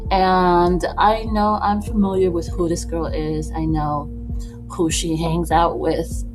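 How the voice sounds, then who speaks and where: Young woman, low-ish voice, unhurried filler-laden chat, music clear in the background. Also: level tone. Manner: rambling, filler-heavy, many "like"s; laughs between thoughts. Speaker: beauty vlogger. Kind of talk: casual get-ready-with-me chat. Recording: music playing clearly behind voice.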